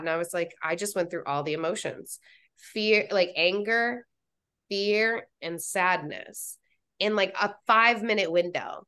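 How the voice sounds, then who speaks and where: A woman guest on a podcast, telling stories in a casual, animated way, acting out what she and others said and often saying "like". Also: lowish voice, fairly quick, clear, resonant tone. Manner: animated storytelling, acting out her own quotes, frequent "like". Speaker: podcast guest, reality show participant.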